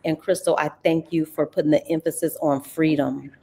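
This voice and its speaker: A woman hosts a casual livestream conversation in a slightly low voice. She talks in an animated, folksy way, calling her listeners honey and girl. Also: normal speed, a little hiss or hum. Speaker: host.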